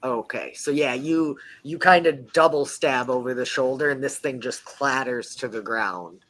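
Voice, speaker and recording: A man's voice: medium pitch, measured pace, fairly bright tone, poor audio. A man narrating as game master of a tabletop game, describing the action casually with many fillers.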